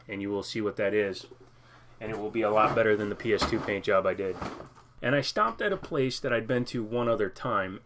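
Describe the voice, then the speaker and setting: A man's voice: fairly low pitch, slight background noise. A man in a casual vlog, rambling and joking as he shows off games he bought. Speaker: game collector vlogger. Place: home living room.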